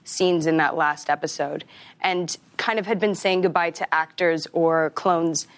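A woman with a lowish voice, chatting as an interview guest. She talks loosely with plenty of fillers and laughs often between thoughts. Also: steady tone, measured pace. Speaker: actor guest. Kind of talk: casual interview chat.

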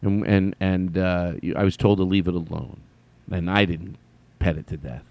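A man's voice: sits low, steady tone, moderate pace, dry recording, highs cut off. A man hosting a podcast, telling a story in a rambling, self-mocking way with stammering restarts. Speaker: podcast host. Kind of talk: comedic monologue.

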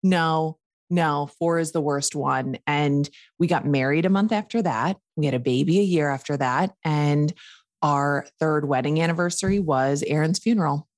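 A woman's voice: deep voice, moderate pace, no room sound, clean studio sound. A woman in her thirties from Minnesota with a Minnesotan accent, candidly telling her story as a podcast guest with wry, self-deprecating humor over a call. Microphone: remote call.

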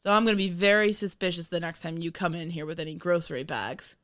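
A woman co-hosting a podcast in loose, casual chat. She giggles a lot and rambles through fillers in a bright, crisp voice, and the sound is close and dry. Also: on the low side, steady tone, fast, dry recording. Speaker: podcast co-host.

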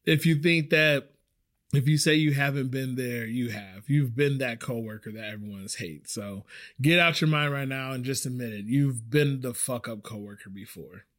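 A young man hosting a podcast, telling a rambling, animated story about a bad work shift, swearing casually as he goes. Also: medium pitch, moderate pace. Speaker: podcast host.

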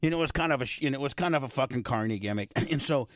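A man's voice: mid-range voice, racing, no room sound, clean studio sound. A man hosting an uncensored radio show, telling stories with lots of swearing and acting out the voices of the people in them. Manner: profane, animated, acts out quoted voices in his stories. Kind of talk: uncensored casual talk radio storytelling. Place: radio studio.

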